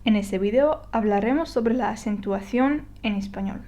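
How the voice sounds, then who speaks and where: A woman giving a casual explainer lesson, chatty with fillers and restarts, slowing down to model words. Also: mid-range voice, warm tone. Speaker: Spanish teacher. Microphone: voice-over on a screen recording.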